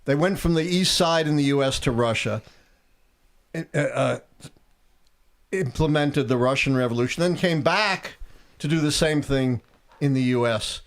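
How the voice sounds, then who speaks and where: An older man, a professor and commentator, explaining politics in a measured, thoughtful way on a casual live stream. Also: a little high.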